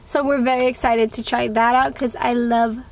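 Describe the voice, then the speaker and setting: Young woman, high pitch, bubbly gushing vlog chat. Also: flat delivery, normal speed, vocal fry, slight background noise. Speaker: vlogger. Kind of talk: casual chat.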